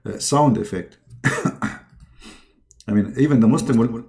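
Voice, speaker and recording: A man giving mocking commentary in a halting delivery with many fillers. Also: medium pitch, gravelly, a little mellow. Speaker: religious debate streamer.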